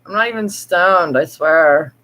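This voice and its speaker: Her voice on the low side yet fairly bright, a woman vlogger chats to viewers at home at night over a rough recording. The talk is slow, drawn-out and rambling, broken up by laughter.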